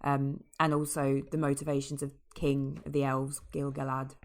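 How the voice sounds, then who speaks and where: A woman's voice: rumbling low, little pitch movement, normal speed. A woman co-hosting a podcast, chatting in an enthusiastic, rambling way and often trailing off mid-sentence. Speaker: podcast co-host. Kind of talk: casual review chat.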